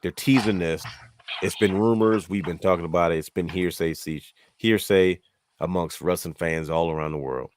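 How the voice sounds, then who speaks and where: A man hosting a wrestling podcast, telling stories excitedly with many restarts in a casual chat. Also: low-pitched, moderate pace, slight background noise.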